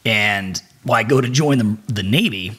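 Husky man telling stories, swearing freely. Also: lowish voice, normal speed. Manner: profane and animated. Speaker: podcast guest. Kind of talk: casual storytelling.

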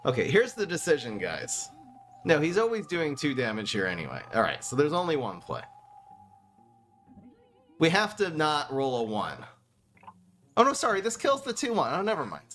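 Excitable high-voiced male game streamer. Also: moderate pace, pauses often, faint music behind. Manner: excitable, laughing, self-mocking, talks to chat. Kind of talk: live-stream gameplay commentary.

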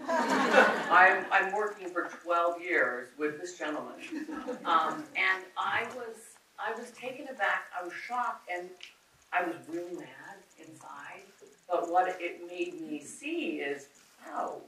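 A woman film producer telling a personal story on a conference panel, candid and animated, quoting others as she goes. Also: fairly low pitch, a little slow. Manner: candid, animated, quotes others in her retelling. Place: conference auditorium. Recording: echoey hall, far from the mic, faint noise.

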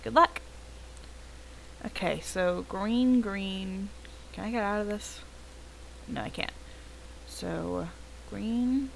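A woman's voice: medium pitch, slow pace, creaky, pauses often, darkish tone, slight background noise, rough recording. Casual woman gamer reading game text. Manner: casual, chatty. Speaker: let's play gamer.

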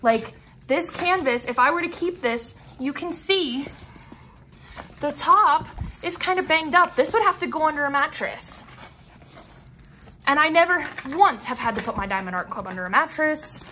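A woman's voice: high-pitched, lively intonation, normal speed, bright, forceful tone, slight background noise. A young woman vlogging a craft unboxing, frustrated, sighing and rambling with restarts. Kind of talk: casual unboxing vlog.

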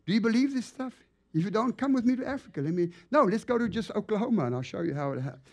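A man preaching in a church as a guest evangelist, telling stories with lively, acted-out animation. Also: sits high, fast talker. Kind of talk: storytelling sermon. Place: church sanctuary.

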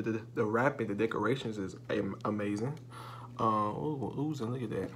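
Young dude w/ hyping up a food review, loose chatty slang, faint crinkly wrapper noise behind. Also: male voice, medium pitch, moderate pace, pauses often, a bit bright. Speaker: YouTuber doing a food review. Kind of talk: casual mukbang vlog.

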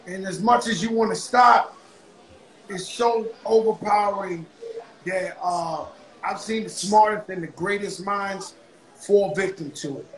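A male host speaking in a heartfelt, halting way, pausing and restarting as he talks. His voice is a touch high and comes through with a roomy, echoey sound. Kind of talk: casual conversation.

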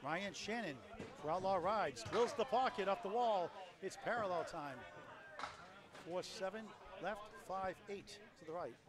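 High-voiced man calling candlepin bowling. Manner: rapid score calls, lively promo plugs. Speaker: play-by-play commentator. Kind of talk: live bowling commentary. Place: bowling alley. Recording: loud crowd in a bowling hall.

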